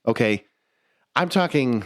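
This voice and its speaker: A man's voice: mid-range voice, animated, unhurried. A young man co-hosting a podcast, telling a story in casual chat, swearing freely, laughing mid-sentence and restarting his words. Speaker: podcast co-host.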